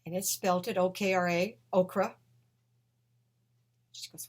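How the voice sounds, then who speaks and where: A woman telling a personal story with emotion, swinging between hushed and loud. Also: lowish voice, fairly even intonation, unhurried.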